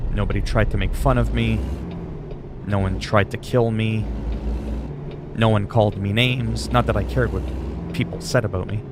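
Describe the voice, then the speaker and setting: A man streaming a game and chatting to viewers, telling stories bluntly with plenty of swearing. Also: fairly low pitch. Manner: blunt, profane storytelling to chat. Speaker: livestreamer. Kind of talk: casual chat while gaming. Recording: steady background noise.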